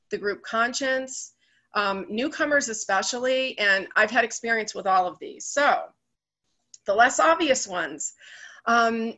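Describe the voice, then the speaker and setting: A woman speaking earnestly at an online recovery meeting, conversational, with many fillers and pauses. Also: medium pitch, sharp tone. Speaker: member sharing at a recovery meeting. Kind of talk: personal share on a video call. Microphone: video call.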